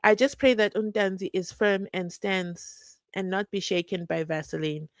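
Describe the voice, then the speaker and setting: A woman's voice: medium pitch, fairly even intonation, moderate pace, no room sound. Playful woman streamer, dry sound. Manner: chatty and playful, teasing, laughing at her own jokes. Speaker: livestream host. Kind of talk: live-stream commentary reading chat.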